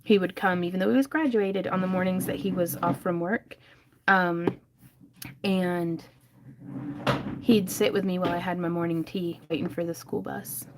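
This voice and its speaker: A woman's voice: on the low side, steady tone, moderate pace, background noise. A woman hosting a casual crafting livestream from home, chatting and laughing often as she reads viewers' comments.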